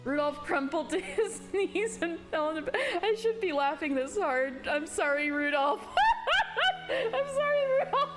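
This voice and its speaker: A woman streamer reading a visual novel aloud and reacting with animated, profane, casual commentary. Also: high-pitched, unhurried. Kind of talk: live game playthrough, reading text aloud and reacting. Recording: game music underneath.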